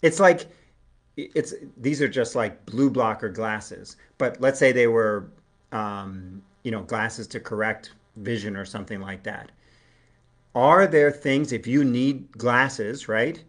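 A man's voice: medium pitch, slow. A man giving a live relationship coaching talk, earnest and explanatory, acting out short everyday dialogues.

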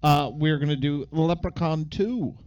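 A man's voice: fairly high pitch, unhurried, darkish tone, no echo, lo-fi sound. A man co-hosting a casual podcast and trading dry, joking banter with his co-host.

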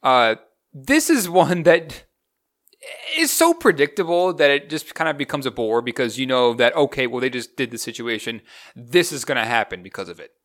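A young man chats through a casual movie review, his pitch rising and falling with lots of energy. He rambles from one tangent to the next while picking the film apart. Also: normal speed. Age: young adult. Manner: animated, rambling, critical. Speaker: movie review podcast co-host.

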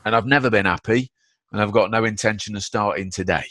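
A man's voice: lowish voice, fast, fairly bright tone, no echo. A man voicing a surly, miserable worker who bluntly refuses to be cheered up. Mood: defiant. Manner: blunt, defiant.

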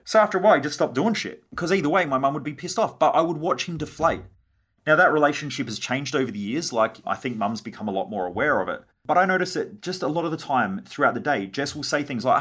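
Man, podcast host, husky voice, rapid delivery, blunt and profane. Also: medium pitch, animated, a bit bright. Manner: blunt, swears freely, acts out quoted conversations. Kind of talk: solo podcast monologue.

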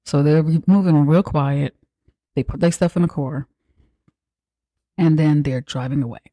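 Mellow-voiced podcaster retelling a film. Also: mid-range voice, normal speed, dry recording, studio quality. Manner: profane, blunt storytelling; acts out characters' lines mid-story. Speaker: podcast host. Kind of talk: casual film recap.

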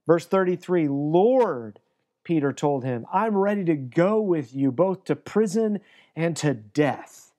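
Earnest male preacher, mellow tone. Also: on the high side, lively intonation, takes it slowly. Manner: earnest, acts out quoted dialogue. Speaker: pastor. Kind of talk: sermon.

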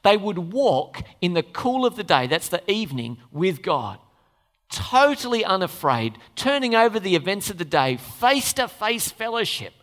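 A preacher delivering a sermon in an expressive way, acting out the characters of the scripture story. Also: medium pitch, moderate pace. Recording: long reverb of a large hall.

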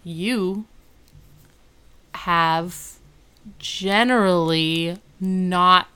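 Woman with a smooth, clear voice. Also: on the low side, drawn-out words. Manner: animated, retells scenes with quoted lines. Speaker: podcast co-host recapping a TV episode. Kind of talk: casual chat.

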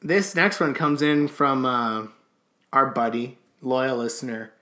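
A man's voice: mid-range voice, steady tone, slow pace, pushed and bright. A man hosting a podcast in casual chat, reading out listener questions in a laid-back way and swearing casually. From Canada. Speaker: podcast host.

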